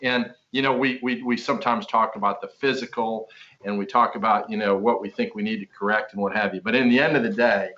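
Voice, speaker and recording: A man's voice: on the low side, steady tone, a little fast, a bit bright, dull audio. A man hosting a podcast, talking enthusiastically with some rambling restarts. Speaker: podcast host. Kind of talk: casual podcast talk.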